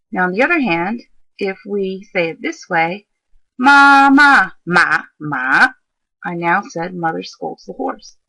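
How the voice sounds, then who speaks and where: A woman's voice: mid-range voice, creaky, fairly bright tone, breathy edge, no echo. A woman teaching a lesson over slides. She explains step by step, speaks straight to the learners and uses fillers like "um" and "you know". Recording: dull lo-fi dry voice recording.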